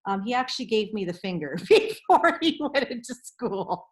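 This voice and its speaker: A woman's voice: mid-range voice, lively intonation, normal speed, hardly any pauses. A middle-aged woman counsellor giving an earnest, emphatic motivational talk to parents, repeating key phrases.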